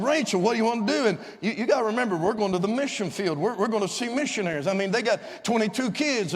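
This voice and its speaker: A man, a visiting evangelist, telling a story in a fervent revival sermon that rises to shouts of praise, recorded in a church. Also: high-pitched. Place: church sanctuary. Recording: long church-hall reverb.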